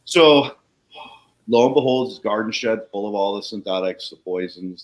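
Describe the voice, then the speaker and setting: A man's voice: fairly low pitch, normal speed, lo-fi sound. A man who works on soil and landscapes, guest on a talk show, telling a story casually with swearing and acted-out voices. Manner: animated, profane, acts out the people he quotes.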